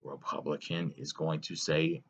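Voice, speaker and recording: A man giving a solo opinion monologue, earnest and lecturing, pausing and sighing as he talks. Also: extremely low pitch, little pitch movement, fairly bright tone, slightly rough, highs cut off. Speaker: political commentator.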